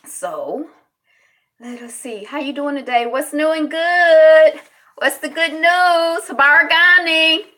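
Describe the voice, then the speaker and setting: A woman hosting a casual live news commentary, chatting with viewers and greeting them by name, sometimes breaking into loud exclamations. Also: medium pitch, gravelly. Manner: chatty, greets viewers in the chat, quick laughs. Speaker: host of a news commentary channel.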